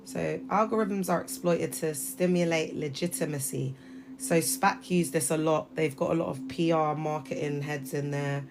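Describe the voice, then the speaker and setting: Chatty woman, low voice. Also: steady tone, normal speed, noisy background. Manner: emphatic, chatty, addresses viewers directly. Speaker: livestream host. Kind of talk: casual livestream talk. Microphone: phone.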